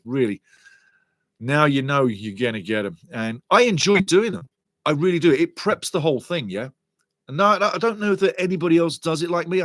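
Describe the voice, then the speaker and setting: A man's voice: fairly high pitch, no echo. A man hosting a live football watch-along stream, chatting casually and reading viewer comments aloud. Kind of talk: live stream chat and match talk.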